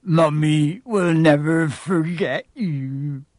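A man voicing a big, soft-hearted, tearful male gamekeeper who puffs and sobs as he talks, in a dry recording. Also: fairly high pitch, lively intonation, a little slow, dry recording, pitched above the performer's own voice, exaggerated voice. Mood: sobbing, tender. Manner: puffing, emotional, hoarse-toned.

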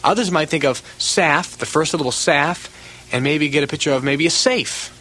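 A man teaching a recorded memory course, repeating example words slowly and with emphasis. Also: on the high side, sharp tone, rough recording. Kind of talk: recorded instructional lesson.

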